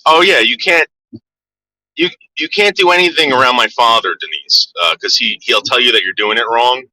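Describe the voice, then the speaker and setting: A streamer rambles through stories about his father for a live chat, repeating words and quoting people in put-on voices. His medium-pitched voice is pushed and bright at a moderate pace, and the audio is poor.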